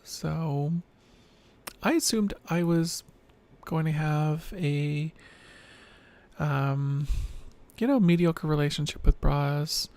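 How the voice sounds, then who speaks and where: A woman with a low, androgynous voice that still reads as mostly male, rambling reflectively and wryly in a late-night video diary, sounding tired. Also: slow pace, pauses often, a little mellow. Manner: rambling, reflective, wry and self-deprecating.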